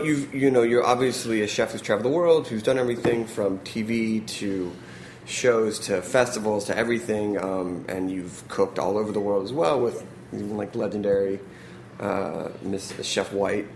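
A male host with a somewhat low voice asks long, meandering questions, padding them with fillers. The sound is roomy, with an audible echo, and a faint hiss sits in the background. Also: normal speed, a little mellow. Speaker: podcast host, interviewer. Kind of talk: casual interview questions.

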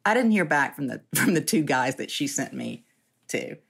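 Lady in her 60s, deep voice with lots of fry, chatty interview guest, laughs a lot. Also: big pitch swings, normal speed, fairly bright tone. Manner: chatty, self-deprecating, laughs often. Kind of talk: casual storytelling.

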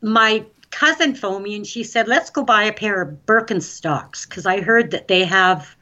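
An excitable woman guest, chatty and quick to tell a story, with a voice of ordinary pitch for a woman. Her audio sounds dull and lo-fi, as if heard through a muffled line. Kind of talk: casual conversational interview.

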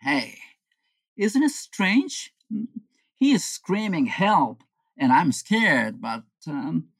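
A woman's voice: no room sound, heavily acted. A woman voicing scheming young male friends who plot a prank. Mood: puzzled. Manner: conspiratorial, low and deliberate. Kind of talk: comic storytelling.

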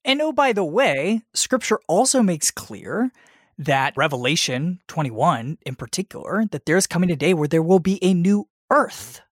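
A man's voice: on the high side, very animated, normal speed, no room sound. Male podcast host, eager and affirming, dry close mic. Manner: enthusiastic, affirming, asks leading questions. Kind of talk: podcast interview.

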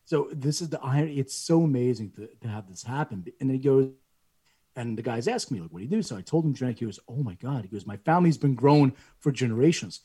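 A middle-aged man casually telling a family story, animated and acting out the voices of people he quotes. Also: fast talker, husky. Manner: animated, acts out quoted voices with rising pitch.

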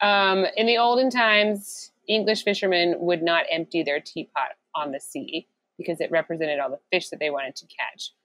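Lady podcast cohost, kinda low voice, jokey and giggly, dry close sound. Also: steady tone, moderate pace, fairly bright tone, no room sound, rough recording. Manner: jokey, giggly, reads out trivia. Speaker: podcast co-host. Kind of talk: casual chat.

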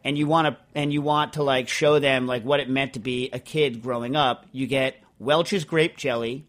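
A man's voice: mid-range voice, steady tone, moderate pace, fairly bright tone. A man hosting a podcast in casual chat, rambling and emphatic, full of restarts as he answers listener mail. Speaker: podcast host.

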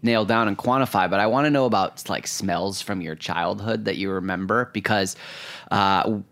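A man's voice: on the low side, normal speed, fairly bright tone. Man asking long interview questions. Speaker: podcast interviewer.

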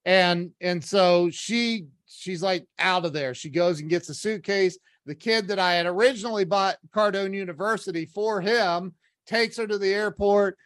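A man telling a personal story in a casual, animated way, acting out the voices of the people in it. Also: on the high side, no echo, studio quality. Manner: animated, acts out quoted voices, many restarts.

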